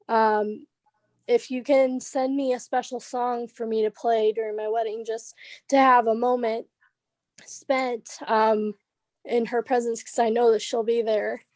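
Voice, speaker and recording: A young woman sharing halting, tearful memories of her godmother on a video call. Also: a little high, a little mellow, dry recording. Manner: halting, many fillers, tearful. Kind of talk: emotional memorial tribute.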